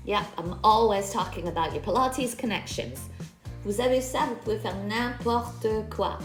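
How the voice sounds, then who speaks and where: A woman in her fifties from Quebec with a Quebec French accent, chatting casually while leading a workout and switching between French and English. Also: mid-range voice. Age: 50s. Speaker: fitness instructor. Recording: echoey space with background music.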